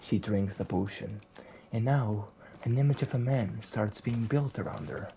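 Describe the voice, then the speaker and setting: A woman's voice: rumbling low, measured pace, dark tone, a little hiss or hum, rough recording. A woman telling an improvised story in voice chat, narrating with dramatic expression.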